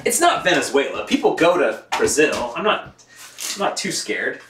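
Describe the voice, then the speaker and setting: A man's voice: fairly high pitch, sing-song, normal speed, a bit bright, a little hiss or hum. Casual american guy chatting to his stream, laughs a lot, echoey room. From United States. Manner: chatty, laughs often, reads out viewer comments. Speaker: mountain bike vlogger washing his bike on a live stream. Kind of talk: casual live-stream chat.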